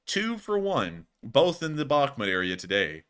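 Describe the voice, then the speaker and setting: A man hosting a live-stream war commentary, excited and joking, often laughing. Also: medium pitch, moderate pace, clear, resonant tone. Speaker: host.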